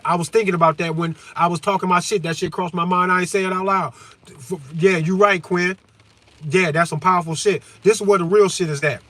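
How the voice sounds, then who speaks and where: A man hosting a livestream, ranting to his viewers with plenty of profanity and halting fillers, dropping to low musing and then rising to loud shouting. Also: fairly even intonation. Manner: heavy hesitation fillers.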